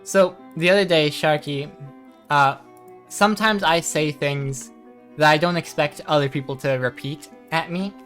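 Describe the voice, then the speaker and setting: A woman streaming a game live, chatting casually and softly, reading chat messages aloud at a desk microphone. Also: deep voice, unhurried, soft background music. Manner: chatty, soft-spoken, reads chat aloud.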